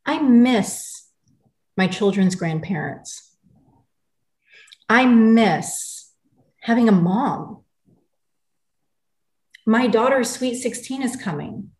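A slightly high, darkish-toned voice belongs to an American woman in her forties who speaks extremely slowly with long pauses, yet animatedly. As an interview guest she tells her story in an angry, intense, blunt manner, and the recording echoes roomily.

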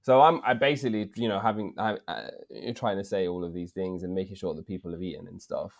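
A man in his thirties with an English accent, a podcast co-host, tells a story in casual chat full of slang. He talks fast in a low-pitched voice, animated and slangy, often dropping in "bruv."

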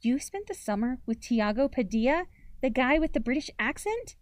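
A woman's voice: sits high, big pitch swings, moderate pace, dry recording, pitched above the performer's own voice. A woman voicing a sarcastic, wistful teenage girl in a storybook reading. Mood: wry.

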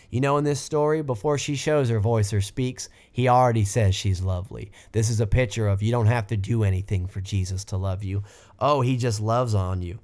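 A man's voice: fairly quick, a little mellow. A man hosting a podcast, giving an informal, fervent sermon with asides and restarts. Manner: fervent, exclaiming, lifts pitch when quoting scripture. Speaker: podcast host teaching the Bible.

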